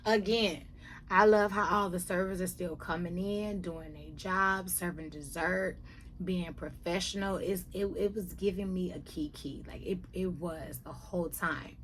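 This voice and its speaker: A woman with a fairly low voice gives a casual, sassy recap of reality TV drama in slangy, emphatic talk. A faint hiss sits under her voice. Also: fairly even intonation, unhurried.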